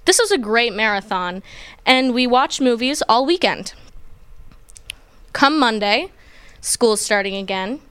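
A young woman telling a personal childhood story in an animated, playful way, acting out what people said. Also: on the high side, unhurried, long pauses, smooth, no room sound. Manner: animated, playful, acts out quotes. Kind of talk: personal story told to a group.

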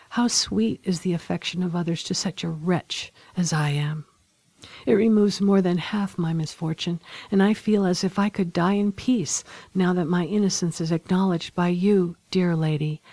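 A woman reading a gentle condemned young woman. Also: on the low side, no echo. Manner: tender, pleading, softly grateful.

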